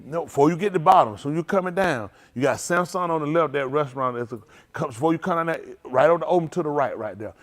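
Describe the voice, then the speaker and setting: A man, a pastor telling food stories to his livestream with laughter and excitement. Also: on the high side, fast talker. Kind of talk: casual livestream storytelling.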